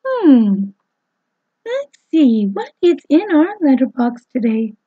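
A woman teaching a preschool phonics lesson, talking slowly with exaggerated, sing-song delivery, oohs and gasps. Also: high voice, very animated, mellow, dull audio.

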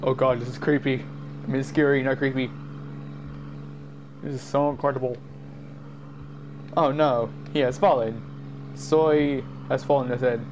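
A man giving jumpy, excited commentary while playing a game, easily startled and laughing at himself. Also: mid-range voice, a little slow, pauses often, a little hiss or hum. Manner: jumpy, screams and laughs at scares, self-mocking. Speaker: gamer.

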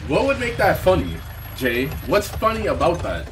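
A man streaming a video game, reacting loudly with swearing and laughter. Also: a little high, huge pitch swings, moderate pace, recorded from a distance, background noise. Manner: loud, profane, laughing reactions. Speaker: gaming streamer. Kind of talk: let's play commentary.

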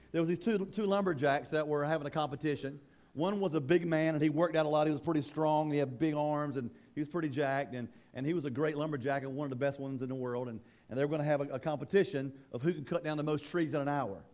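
A male pastor preaching a sermon in a church, in a conversational, halting way that often repeats words. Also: a little high, a little mellow.

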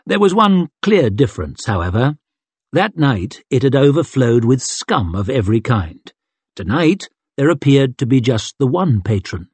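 A male audiobook narrator with a husky, mid-pitched voice, telling the story at a measured pace with expressive, shifting emphasis. The recording is close and dry. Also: no room sound. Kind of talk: scripted narration.

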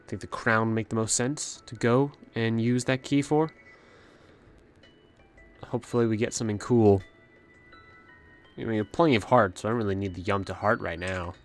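A man's voice: on the low side, normal speed, pauses often, soft background music. A young man hosting a let's play, chatting about his plans and talking to the enemies on screen, a little out of breath. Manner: chatty, talks to the game's enemies. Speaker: gaming channel host.

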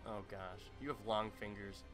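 A young man hosting a let's-play, commenting as he goes. He mutters nervously, then bursts into loud exclaims and yelps. Game music plays clearly behind his voice. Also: lowish voice, normal speed. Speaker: gaming channel host.

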